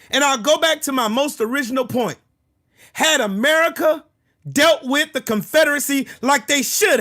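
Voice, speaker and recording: A man with an unusually high, piercing voice delivers a combative political rant on his own channel. His tone is bright and sharp, and he keeps cursing and breaking into shouts. The rant is relentless and confrontational throughout. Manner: profane, combative, bursts into shouting. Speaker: political commentary channel host.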